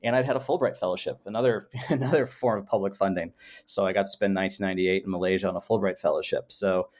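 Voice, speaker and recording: Fast-talking low-voiced man recalling. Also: fairly even intonation. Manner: rambling, self-correcting. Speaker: guest author. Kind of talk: academic interview answer.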